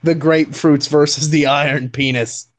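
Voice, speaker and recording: A man's voice: on the high side, steady tone, normal speed. A man co-hosting a podcast in casual chat, telling stories with laughs and swearing. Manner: laughing, profane storytelling. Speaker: podcast co-host.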